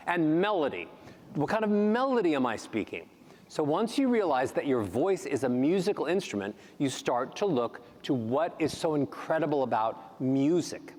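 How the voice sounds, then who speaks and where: A man who is a voice coach, speaking on a conference panel and demonstrating speech melody with sweeping pitch changes. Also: very animated, normal speed, darkish tone. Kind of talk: panel talk with vocal demonstrations. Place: large hall on a conference stage. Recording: long hall reverb.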